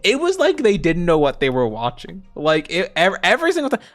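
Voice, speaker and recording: A young man co-hosting a stream, telling rambling, animated stories in casual chat. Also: high voice, brisk, soft background music. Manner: animated storytelling, rambling with restarts. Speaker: streamer co-host.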